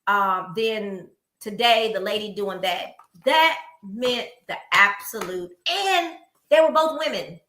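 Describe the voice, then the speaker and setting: A middle-aged woman co-hosting a podcast, chatting casually and telling stories with lively, acted-out quotes. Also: mid-range voice, slow pace. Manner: animated storytelling, acting out quoted people. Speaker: podcast co-host. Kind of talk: casual chat. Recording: echoey room.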